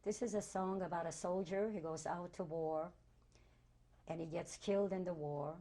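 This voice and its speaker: Mellow-voiced older woman recalling her past. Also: on the low side, steady tone. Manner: halting, repeats words for emphasis. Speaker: interviewee, Holocaust survivor. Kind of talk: oral history interview.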